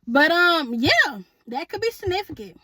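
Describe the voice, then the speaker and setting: A woman's voice: very high voice, big pitch swings, moderate pace, sharp tone, no echo. A woman giving a chatty, sassy tarot reading to her viewers, calling them honey and boo and laughing often. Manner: laughs often, asks spirit aloud. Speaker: tarot reader.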